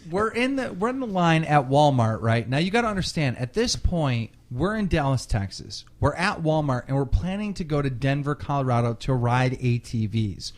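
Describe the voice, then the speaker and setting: A man's voice: fairly high pitch, moderate pace, hardly any pauses. A young man hosting a podcast, telling a story in a casual, profane way and acting out what people said. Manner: animated, profane, acts out quotes. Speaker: podcast host.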